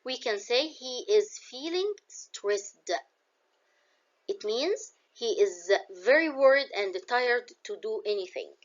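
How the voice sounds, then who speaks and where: A woman's voice: a little high, lively intonation, slow pace, dull audio. Egyptian woman teaching English vocabulary. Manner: explains English words, then glosses them in Egyptian Arabic. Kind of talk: classroom vocabulary lesson.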